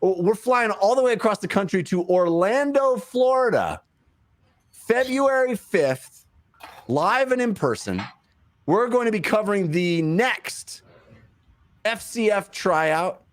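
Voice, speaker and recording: A man's voice: sits high, measured pace. A man co-hosting a casual sports chat show, bantering and hyping up the next segments. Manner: animated, bantering, hypes up segments. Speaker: co-host.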